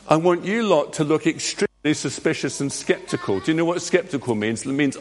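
A man's voice: a little high, expressive, moderate pace. A man leading an all-age church talk, acting out a Bible story with volunteers in a jokey, directing manner. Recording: long hall reverb.

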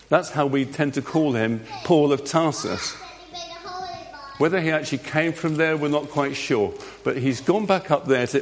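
A man leading an all-age church talk, acting out a Bible story with volunteers in a jokey, directing manner. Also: fairly high pitch. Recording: long hall reverb.

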